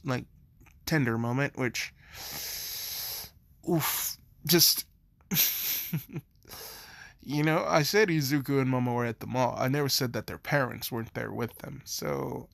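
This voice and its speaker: A young man telling a fan story in a rambling, casual way at a middle pitch. He's recorded close up and dry, with no room sound. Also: takes it slowly, gravelly, long pauses, a bit bright, no echo. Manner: rambling, filler-heavy.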